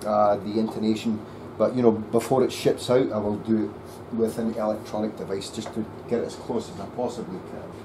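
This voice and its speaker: A man working as a luthier, muttering to himself as he sets up a bass in his workshop. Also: level tone, brisk, hardly any pauses, noisy background. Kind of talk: workshop commentary.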